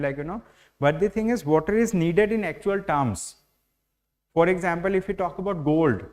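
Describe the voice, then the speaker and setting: A man's high voice with a darkish tone carries an online exam-prep lesson on current affairs. He has an Indian English accent, explains step by step, and relies heavily on fillers such as "like, you know."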